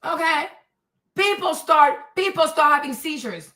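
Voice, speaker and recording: A woman in her thirties hosting a livestream, ranting at her chat in a combative, profane, mocking way with loud, emphatic repetition. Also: high-pitched, expressive, unhurried. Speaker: livestream host.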